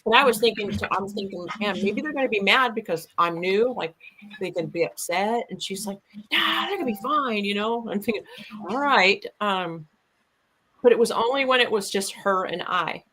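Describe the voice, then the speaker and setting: A middle-aged woman recounting an encounter in casual conversation, animated and acting out the voices she quotes. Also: medium pitch, moderate pace, slight background noise, low-quality recording. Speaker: guest. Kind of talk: casual storytelling.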